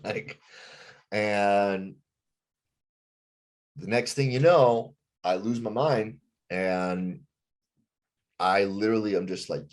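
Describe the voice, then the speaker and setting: A rock frontman with a lowish voice recounts a band blowup in a podcast chat. He swears constantly and slips into the voices of the people he quotes. His delivery stays animated and unfiltered. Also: takes it slowly, long pauses. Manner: profane, animated storytelling, acts out quotes. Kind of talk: casual podcast storytelling.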